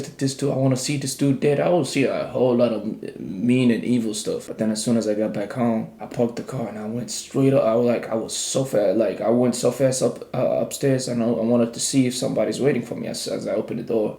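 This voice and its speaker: A man's voice: medium pitch, brisk, creaky, hardly any pauses, roomy sound. A young man casually telling a personal story in a rambling, slangy way, acting out the dialogue. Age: young adult. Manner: rambling, slangy, animated retelling with quoted dialogue.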